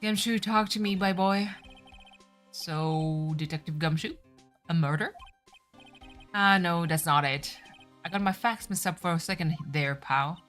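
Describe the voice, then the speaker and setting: A woman's voice: lowish voice, measured pace, long pauses, fairly bright tone, faint music behind. A bumbling, good-natured police detective from a courtroom game, read by a woman in her own voice. He blusters and trips over his words, calling everyone pal. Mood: chatty.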